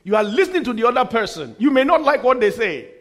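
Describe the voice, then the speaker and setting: A man's voice: extremely high pitch, very animated, quick pace. A man preaching a sermon as pastor, emphatic, repeating refrains and dropping in humorous asides.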